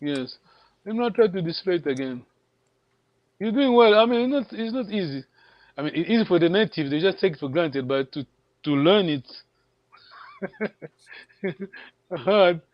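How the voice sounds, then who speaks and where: A man's voice: sits high, animated, moderate pace, pauses often, dry recording, muffled recording. A man teaching a language lesson online, encouraging his students, repeating words and laughing often.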